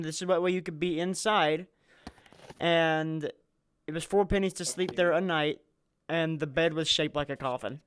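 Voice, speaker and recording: A man's voice: sits high, a little hiss or hum. A man hosting a casual podcast chat, rambling and laughing as he tells a story. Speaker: podcast host.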